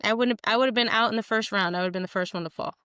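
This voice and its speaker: Animated young woman chatting on a podcast. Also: mid-range voice, rapid-fire, smooth, no room sound, clean studio sound. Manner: animated, jokey, calls co-host "friend", acts out quotes. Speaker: podcast co-host. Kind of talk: casual chat.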